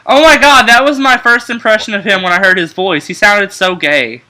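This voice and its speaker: A young man with a Southern country accent on a casual podcast chat, teasing and joking, then quick to apologize. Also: sits high, animated, crowd noise, rough recording. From American South. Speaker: podcast co-host.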